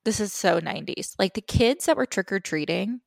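A woman co-hosting a podcast in casual, animated chat, giggling often. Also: mid-range voice, vocal fry, no echo, studio quality. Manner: animated, giggly, quick asides. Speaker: podcast co-host.

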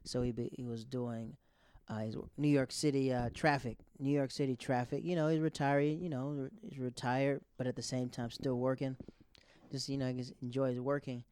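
A man in his thirties tells a rambling, grieving personal story, stopping and restarting as he goes. His pitch sits at an ordinary middle height. The sound is dry and close, with no room echo. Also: flat delivery, a little mellow, clear, resonant tone. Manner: rambling, halting, with many restarts.

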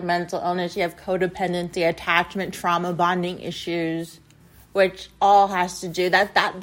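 A young adult woman talking straight to her viewers in a confessional vlog, rambling with lots of fillers. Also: fairly low pitch. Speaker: vlogger. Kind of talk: confessional casual monologue.

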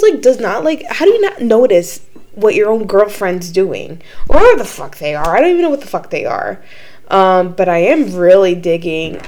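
A woman's voice: lowish voice, darkish tone. A young woman in her twenties hosting a casual podcast, talking loosely with lots of ums and likes and frequent swearing. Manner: chatty, swears a lot, many ums and likes. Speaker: podcast host. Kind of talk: casual chat.

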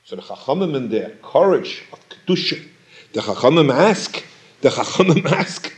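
A man's voice: fairly high pitch, sing-song, moderate pace. A man teaching a Torah lecture, posing questions and repeating phrases for emphasis. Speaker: rabbi teaching Talmud.

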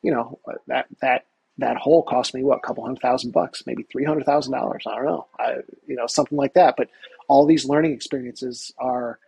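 A middle-aged man, a golf professional, telling stories in a casual interview with lots of energy, talking in quick bursts. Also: medium pitch, steady tone, vocal fry, a little mellow, breathy edge, dry recording, poor audio. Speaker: guest, touring golf professional.

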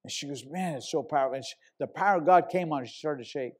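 An older man preaching with a voice pitched a little above the usual for men. He tells his story in a loose, conversational way, then suddenly climbs into loud, emphatic shouts. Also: fast talker, breathy edge. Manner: animated storyteller, bursts into loud shouts when quoting himself. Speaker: pastor. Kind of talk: sermon storytelling.

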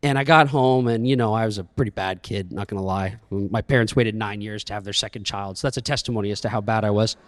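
A man's voice: lowish voice, fast, hardly any pauses, studio quality. A young man preaching a sermon, telling a story with humor and dramatic flair. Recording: echoey church hall.

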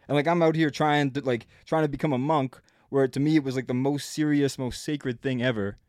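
A man's voice: medium pitch, fairly even intonation, a little fast, few pauses, a little mellow, no echo. Laid-back man telling a story, dry sound. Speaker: podcast co-host. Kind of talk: casual podcast chat.

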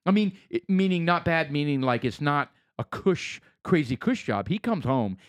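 A middle-aged man talks in a relaxed podcast chat, his voice sitting a bit high and swinging widely in pitch. He tells his stories with plenty of "uh"s and restarts. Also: moderate pace. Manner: animated storytelling with many fillers. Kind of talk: casual chat.

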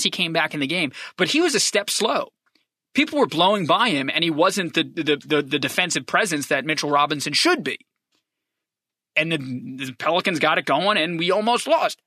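A basketball fan commentator delivering an impassioned, profane sports opinion rant, swinging between loud rapid-fire complaints and quieter rambling musings. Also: medium pitch, expressive, dry recording, clean studio sound.

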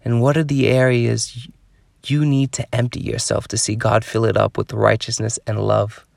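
A man's voice: medium pitch, flat delivery, moderate pace, creaky, darkish tone, no echo. A man preaching a devotional sermon, pleading with his listeners in an earnest, exhorting way.

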